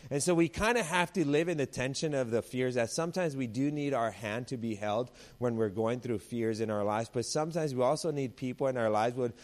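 A man's voice: mid-range voice, a little fast, few pauses, a little mellow. A male pastor delivering a sermon in an easy, conversational tone. He moves between everyday family stories and scripture and acts out the voices of the people he quotes.

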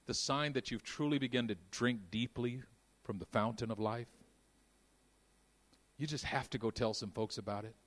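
A man preaching a sermon, moving between quiet intimate passages and loud, fervent stretches. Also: mid-range voice, normal speed. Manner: dynamic, swings from hushed to shouting.

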